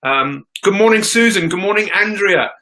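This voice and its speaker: An upbeat man runs a live motivational stream, welcoming viewers by name before getting to his talk. His voice is bright and forceful and sits a little high. He speaks into his phone. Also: normal speed, rough recording. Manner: energetic, greets viewers by name. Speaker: motivational show host.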